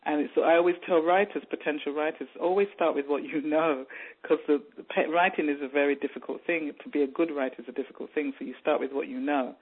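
A woman's voice: deep voice, fast talker, breathy edge. A woman raised in England, an author telling her story in a radio interview and acting out the voices she heard. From born in Jamaica, raised in England. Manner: animated storytelling, mimics voices she overheard. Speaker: author guest. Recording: narrow phone-like radio sound.

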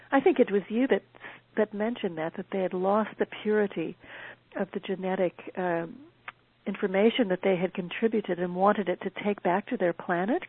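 A woman hosting a spiritual call, talking gently and haltingly as she searches for words. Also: mid-range voice, slightly rough, dry recording. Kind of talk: casual conversation on a call. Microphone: call audio. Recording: tinny phone-line call.

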